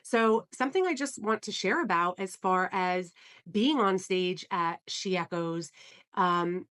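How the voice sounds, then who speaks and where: A woman's voice: fairly low pitch, a little slow, a bit bright, smooth. A woman hosting a solo podcast, telling her story in an earnest, enthusiastic way with frequent fillers like "um" and "you know.". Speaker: podcast host.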